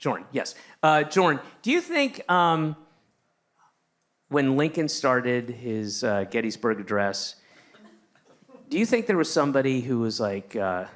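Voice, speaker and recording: A man's voice: mid-range voice, very animated, unhurried, a bit bright. A man doing stand-up comedy on a stage, chatting with the crowd in a sardonic, teasing way. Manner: sardonic, conversational, teasing the audience. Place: comedy stage in New York.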